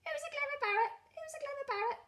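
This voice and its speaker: A woman's voice: fast talker, fairly bright tone. A woman voicing a squawking parrot that copies words in a storybook reading. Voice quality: shrill squawking.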